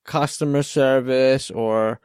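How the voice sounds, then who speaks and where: A man's voice: mid-range voice, steady tone, slow pace, darkish tone, clean tone, no echo, studio quality. A man hosting a podcast, chatting in an easygoing, agreeable way. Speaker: podcast host. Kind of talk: casual chat.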